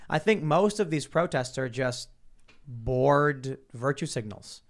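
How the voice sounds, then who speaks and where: A man hosting a political podcast in loose conversation. His voice sits at a middle pitch. He delivers dry, sarcastic remarks about protests. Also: animated, slow. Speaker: podcast host. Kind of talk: casual political talk show.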